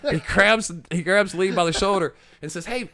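A man's voice: high voice, steady tone, moderate pace, a bit bright. Rambling man telling a story. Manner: rambling, fillers and restarts. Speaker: podcast co-host. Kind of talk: casual storytelling.

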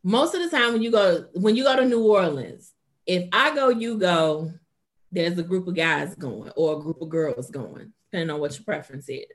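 A woman in casual chat, telling a story in a laid-back, drawn-out way. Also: fairly low pitch, animated.

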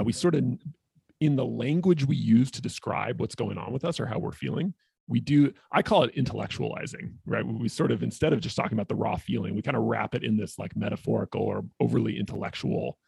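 A man's voice: mid-range voice, creaky, a little mellow, slightly rough, no room sound, clean studio sound. A man co-hosting a podcast as a therapist, explaining ideas in a thoughtful, casual way with many fillers. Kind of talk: casual conversation.

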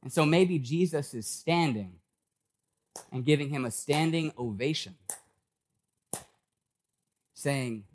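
A man's voice: a little high, takes it slowly, pauses often, a little mellow. A man preaching a sermon in a church, talking casually and acting out the people in his story. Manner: conversational preaching, acts out quoted voices. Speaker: pastor.

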